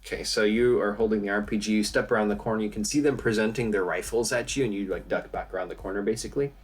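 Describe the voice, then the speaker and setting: A man's voice: on the low side, fast talker, slightly rough. A man narrating as game master of a tabletop game, in a casual manner with fillers and laughs. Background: music.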